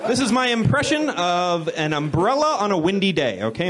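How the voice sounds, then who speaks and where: A young man doing a stand-up set on a comedy club stage into a handheld mic, awkward and deadpan, correcting himself and at times building into shouted rants. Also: high voice, normal speed. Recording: live club recording with crowd laughter.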